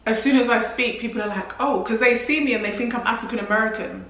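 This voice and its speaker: A woman's voice: a little high, fast, a bit bright. A young woman from London with a London English accent, chatting casually to her viewers with lots of "like" fillers and restarts. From England. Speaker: vlogger. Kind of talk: casual chat to camera. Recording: very echoey room.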